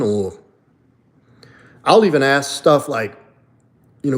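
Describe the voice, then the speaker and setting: Speaking slowly with frequent pauses, this man's mid-range voice is expressive as he hosts a live stream. He's a coach who fields chat questions casually, giving blunt, opinionated answers laced with profanity.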